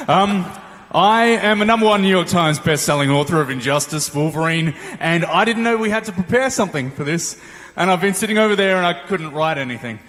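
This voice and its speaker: A man's voice: high voice, a little fast, a bit bright. A man giving an awkward, self-deprecating stage introduction at a convention. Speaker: guest contestant. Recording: long hall reverb, faint noise.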